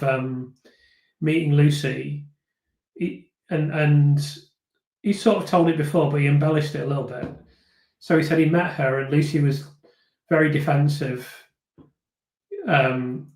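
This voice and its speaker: A man's voice: fairly high pitch, darkish tone. A man hosting a live stream, chatting casually and thoughtfully as he reads viewer comments, with frequent fillers and restarts. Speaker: host of a live viewer discussion. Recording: echoey room.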